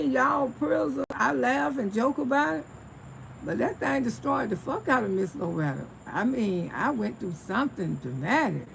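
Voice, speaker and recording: A gravelly-voiced woman, chatting on a livestream from home. She tells stories and answers her viewers as she goes, laughing often, with faint noise behind her on a phone mic. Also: a little high, rough recording. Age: 60s. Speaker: livestream host. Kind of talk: casual livestream storytelling.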